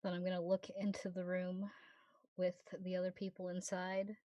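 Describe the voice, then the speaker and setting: A woman's voice: fairly low pitch, completely flat delivery, moderate pace, warm tone, dry recording, highs cut off. A woman playing her character in a tabletop game, playful as she describes her actions. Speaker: player. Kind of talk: tabletop role-play.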